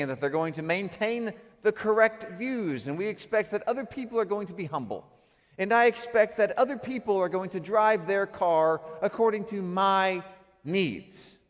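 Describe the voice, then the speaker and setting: Guy preaching in a church, kinda high voice, big hall echo, goes loud then real quiet. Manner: animated, swings between acted outbursts and quiet reflection. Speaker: pastor. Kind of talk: sermon. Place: church sanctuary.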